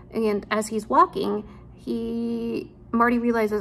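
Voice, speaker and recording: A woman teacher talks in an unhurried, mid-range voice with her students from home, near a laundry room, over slight background noise. Her informal retelling of a story is casual and sprinkled with ums and asides.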